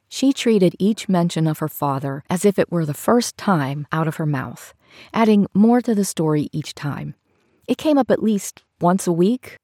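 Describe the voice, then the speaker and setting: A woman narrating a story in the first person, in a steady, measured storytelling manner. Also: low-pitched, no echo, studio quality. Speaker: audiobook narrator.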